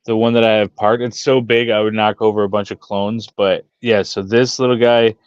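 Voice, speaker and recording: A man's voice: fairly low pitch, normal speed, clear, resonant tone, no echo. Joking man on a muffled online call. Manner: excitable, joking, trails off with fillers. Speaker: podcast co-host. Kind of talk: casual group chat on a call. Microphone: headphones with mic.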